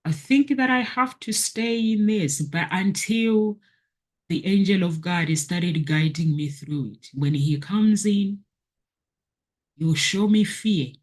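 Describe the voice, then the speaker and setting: A woman's voice: fairly low pitch, slow, darkish tone. A woman vlogger giving a personal spiritual testimony in an earnest, preachy manner, often repeating phrases for emphasis. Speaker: motivational vlogger.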